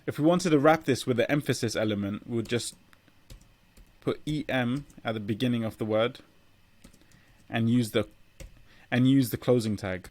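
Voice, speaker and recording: A man's voice: mid-range voice, darkish tone, no echo. A man teaching a coding lesson, explaining steadily as he walks through examples on screen and sometimes restarting a phrase while typing. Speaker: coding tutor. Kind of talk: screen-recorded coding tutorial.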